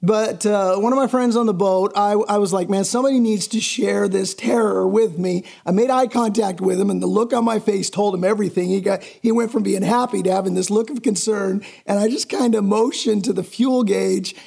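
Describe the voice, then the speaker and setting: A man's voice: sits high, steady tone, fairly quick, creaky, few pauses, darkish tone. A middle-aged male pastor giving a sermon in a conversational, emphatic way, often repeating himself for stress.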